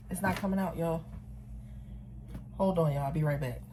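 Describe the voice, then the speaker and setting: Heavy background noise fills this casual baking vlog from a middle-aged woman's home kitchen. With a Philadelphia accent and a low-pitched voice at normal speed, she films herself, calls her viewers "y'all," and stays animated and self-deprecating.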